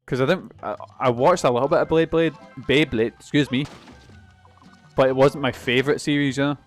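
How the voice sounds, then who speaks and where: Rambling streamer. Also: male voice, mid-range voice, fairly even intonation, fairly quick, soft background music. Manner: rambling, swears often, self-mocking. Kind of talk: casual let's-play commentary.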